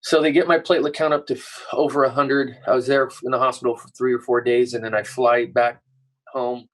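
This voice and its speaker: A middle-aged man appears as a podcast guest, speaking fairly quickly at medium pitch. His storytelling is relaxed, animated, and full of profanity, captured on a low-quality recording.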